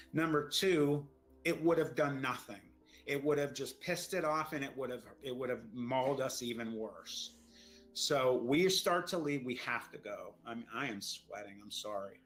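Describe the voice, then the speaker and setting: A man's voice: mid-range voice, fairly bright tone, poor audio. A middle-aged man telling a frightening story, shaken and stammering, repeating his words as he goes. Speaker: storyteller recounting an encounter. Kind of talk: emotional first-person storytelling.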